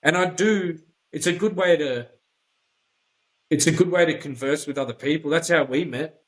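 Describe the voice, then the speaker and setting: A man's voice: fairly high pitch, moderate pace, low-quality recording. Blunt, sweary Australian man. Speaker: podcast guest, offroad YouTuber. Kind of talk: casual chat.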